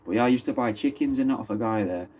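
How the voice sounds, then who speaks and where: Man, Mancunian accent, casual live-stream chat, mellow voice, swears a lot. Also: mid-range voice, quick pace. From Wythenshawe, Manchester. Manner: chatty, swearing, replies to viewer comments. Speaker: livestream host.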